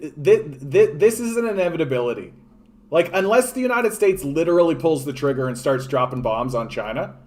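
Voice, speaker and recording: A man's voice: fairly high pitch, darkish tone. A man with a Canadian accent, ranting in a solo political commentary, sarcastic and profane, often mocking others in put-on voices. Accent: Canadian English.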